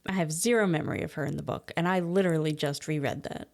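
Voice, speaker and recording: A woman's voice: sits low, quick pace, creaky. A woman in a casual podcast chat, co-hosting and explaining things at length in a chatty, opinionated way. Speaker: podcast co-host.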